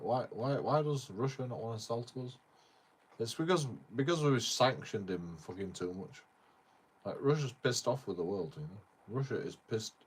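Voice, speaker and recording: A man's voice: fairly low pitch, husky. A man, commenting casually on a clip in a rambling, swearing manner. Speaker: streamer reacting to a clip.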